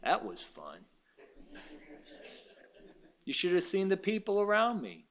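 A man preaching a sermon, telling stories and swinging from quiet asides to loud, high exclamations. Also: wildly swooping pitch, slow pace. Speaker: pastor.

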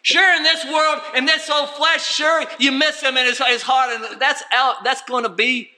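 A man preaching a fervent sermon, dropping low and then rising to shouts. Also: steady tone, moderate pace. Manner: fervent, swings from quiet to shouting.

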